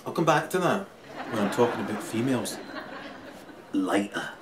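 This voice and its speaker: A man's voice: fairly low pitch, lively intonation, normal speed. Profane laughing Scottish man, far off. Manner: crude, laughs through his talk, swings loud and quiet. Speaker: vlogger. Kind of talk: rambling profane monologue. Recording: distant mic, loud crowd and noise.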